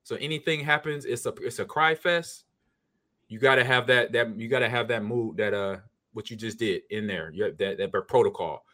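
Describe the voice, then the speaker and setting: A man co-hosting a sports and gaming podcast, chatting casually and animatedly, breaking into quick playful impressions. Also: mid-range voice, bright, forceful tone. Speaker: podcast co-host, former pro football player.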